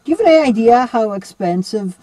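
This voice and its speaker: A man's voice: very high-pitched, lively intonation, a little fast, mellow, dry recording, low-quality recording. A man in a casual film review chat, rambling and digressive, full of "you know" and "like".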